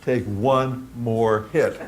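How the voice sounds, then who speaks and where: A man voicing God in a joke as a booming, insistent male voice that gives slow commands. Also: steady tone, a little mellow. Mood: commanding.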